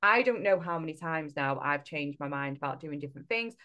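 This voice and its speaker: A woman's voice: low-pitched, animated, fairly quick, pushed and bright. A woman co-hosting a podcast as a spiritual coach, talking in an earnest, reflective way with many fillers and restarts. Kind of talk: casual podcast chat.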